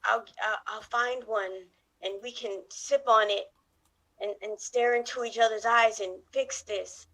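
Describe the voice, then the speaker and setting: A woman's voice: a little high, fairly even intonation, a little slow, sharp tone, exaggerated voice. A woman improvising a needy, lovesick news anchor with a melodramatic, pleading manner. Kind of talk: improv comedy.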